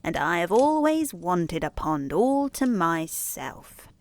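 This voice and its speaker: A woman's voice: lowish voice, sing-song, slow, a little mellow, exaggerated voice. A woman doing a fussy, self-pitying frog. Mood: teasing. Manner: complaining, fretful, then coaxing. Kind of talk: bedtime story reading.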